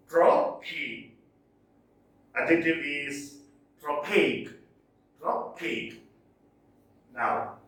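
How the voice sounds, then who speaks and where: A man teaching poetry terms in a recorded video lecture, explaining slowly and repeating key terms, often checking whether it is clear. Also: on the high side, bright, forceful tone. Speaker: English teacher. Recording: echoey room, distant mic.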